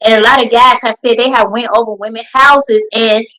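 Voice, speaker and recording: A woman hosting a podcast, moderating casual chat in a blunt, expressive way. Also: fairly high pitch, a little fast, poor audio. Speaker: podcast host.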